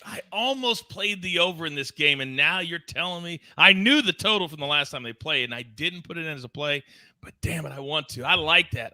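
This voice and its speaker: A man hosting a sports betting show, talking with loud, playful energy and big swings in pitch. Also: no room sound. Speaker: host.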